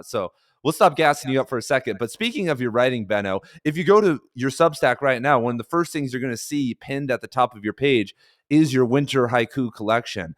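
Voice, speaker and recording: A man's voice: medium pitch, dry recording, studio quality. A man hosting a casual podcast interview, talking in an enthusiastic, slangy, hyped-up way. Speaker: podcast host.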